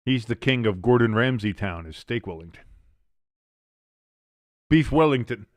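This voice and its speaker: A man's voice: mid-range voice, animated, measured pace, dry recording. A man hosting a sports watch-along stream, chatting casually between play-by-play calls, rambling with fillers, restarts and casual swearing.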